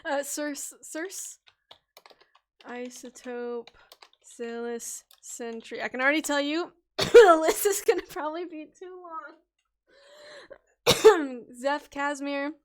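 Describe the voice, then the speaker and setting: Reading viewer names aloud on a casual livestream, a high-voiced woman talks slowly and pauses often. The host, also a storytelling bard, giggles, loses focus, and fumbles names as she scrolls through chat.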